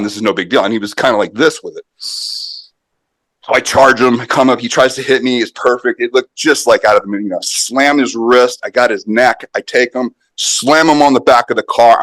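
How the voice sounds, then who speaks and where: Middle-aged male guest, low-ish voice, dry close mic, animated storyteller with fillers. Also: no room sound. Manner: animated anecdote-telling with many fillers and restarts. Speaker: podcast guest, martial arts author. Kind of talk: conversational storytelling.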